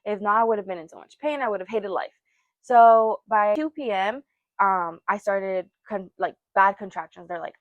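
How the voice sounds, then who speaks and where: A young woman co-hosting a casual podcast chat tells a personal story, laughing often and acting out quoted voices. Her medium-pitched voice is animated and brisk, with no echo.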